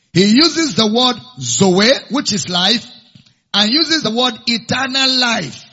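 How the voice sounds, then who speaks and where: A man's voice: very high-pitched, bright, forceful tone, slightly rough. A male pastor teaching a sermon, repeating each verse reference and key phrase and urging listeners to pay attention. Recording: dull lo-fi sound.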